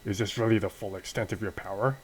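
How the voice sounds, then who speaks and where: A cruel, gloating villain, played by a man in a game story, taunting his fallen foe. The voice sits fairly low and pushes a little louder than the narration around it. It sounds like an everyday speaking voice bent toward menace. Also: steady tone, fast, slight background noise, lightly acted, low-quality recording.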